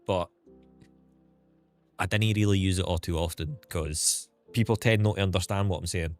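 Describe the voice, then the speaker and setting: A young man with a softened Scottish accent chats on a livestream in a very low voice. He rambles candidly, restarts his sentences often and lets a swear word slip now and then. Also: moderate pace, soft background music. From Scotland. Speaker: streamer. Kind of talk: casual livestream chat.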